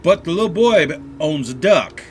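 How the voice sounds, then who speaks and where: A man hosting a gaming channel, telling a joke in a relaxed, folksy way over gameplay. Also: fairly high pitch, moderate pace, soft background music. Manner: folksy, relaxed storytelling with restarts.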